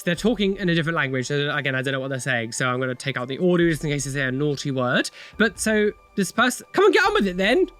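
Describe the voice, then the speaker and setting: A man's voice: on the high side, a bit bright. A young man chatting casually as he reacts to videos, rambling and exclaiming, with frequent swearing. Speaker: tattoo reaction video host.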